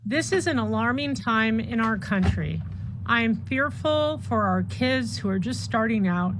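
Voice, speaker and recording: A middle-aged woman with a somewhat high voice reads prepared remarks during public comment, earnest and close to emotion. The call line carries a steady hiss of noise behind her. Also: a little slow.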